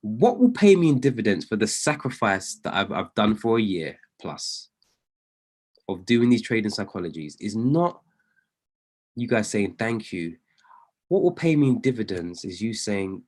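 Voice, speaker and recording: A man working as a trading coach, giving a motivational talk on a live video call. He is earnest and encouraging and repeats phrases for emphasis. He swings between loud pleading and hushed near-whispers. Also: lowish voice, very animated, normal speed.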